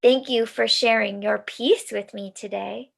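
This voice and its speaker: A woman guides children through a mindfulness practice in a calm, soothing tone. She speaks very slowly with a fairly high voice. A gravelly fry runs under her words. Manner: slow, gentle, soothing instruction. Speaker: mindfulness teacher.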